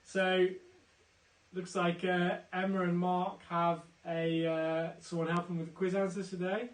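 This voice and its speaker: A man hosting a live online pub quiz, chatty and upbeat, teasing the players and giving them shout-outs. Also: high-pitched, level tone, measured pace, recorded from a distance. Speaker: quiz host. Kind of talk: live-streamed quiz banter. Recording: roomy, off-mic, faint music.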